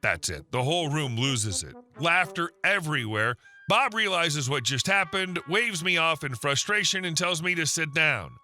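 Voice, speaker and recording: A man narrating online stories in a scripted way, with wry deadpan asides. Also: fairly high pitch, moderate pace, soft background music.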